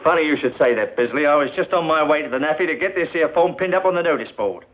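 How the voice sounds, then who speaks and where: An actor playing a brisk, sarcastic army officer who speaks in a clipped, commanding way, in a 1950s British film comedy. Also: male voice, on the high side, fairly bright tone, muffled recording, lightly acted. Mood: sly.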